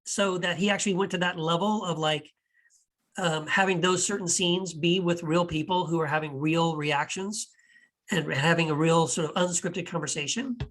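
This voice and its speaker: A man's voice: fairly high pitch, steady tone, normal speed, fairly bright tone. A man hosting a podcast, talking casually and enthusiastically about films, rambling with restarts and acting out puzzled rhetorical questions. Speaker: podcast host and author.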